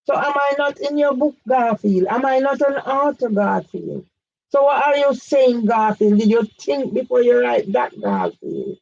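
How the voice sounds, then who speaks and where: A woman's voice: on the high side, sing-song, a little slow, gravelly, darkish tone, muffled recording. A woman, giving an emphatic direct-address complaint, firing pointed questions at one man by name. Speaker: campaigner vlogger.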